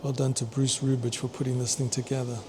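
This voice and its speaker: A man excitedly touring a fossil museum, chatting to his viewers and tripping over long names. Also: medium pitch, quick pace, noisy background. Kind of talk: walking museum tour vlog. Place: indoor museum hall.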